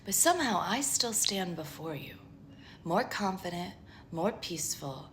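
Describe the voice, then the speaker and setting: Low-voiced woman giving a spiritual pep talk. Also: sing-song, measured pace, a little hiss or hum. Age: 30s. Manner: earnest, emphatic, lists things; often drops to a hushed, breathy near-whisper. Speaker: spiritual tarot reader.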